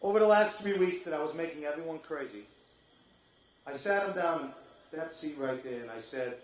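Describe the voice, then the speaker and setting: A man giving an impassioned fundraising speech to an audience, building up to shouted appeals. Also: a little high, animated, normal speed. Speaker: speaker at a charity fundraiser. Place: event room with an audience. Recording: echoey hall.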